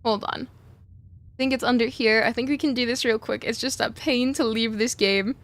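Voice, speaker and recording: A woman's voice: on the high side, fairly even intonation, normal speed. A young woman streaming a game and chatting with her viewers, greeting them over and over, her speech a little muffled by a cough drop in her mouth. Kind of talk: casual live-stream chat while gaming.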